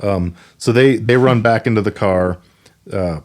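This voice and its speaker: A man with a low voice co-hosts a casual movie podcast. He is laid-back and easygoing. He fills in plot points between short agreeing replies. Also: a little slow. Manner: relaxed, agreeable, many short backchannels. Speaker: podcast co-host. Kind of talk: casual movie recap chat.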